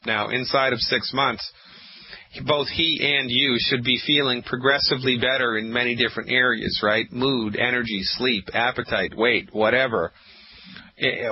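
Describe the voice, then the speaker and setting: A man's voice: medium pitch, husky. A man hosting a call-in radio health show, emphatic and preachy, repeating lines for effect. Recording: muffled lo-fi radio audio.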